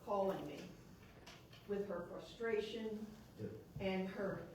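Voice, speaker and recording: A woman's voice: mid-range voice, slow pace, a little mellow. A woman who is a local elected official, giving a chatty, joking, personal speech at a council meeting, with a noticeable accent. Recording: echoey chamber, distant mic, background noise.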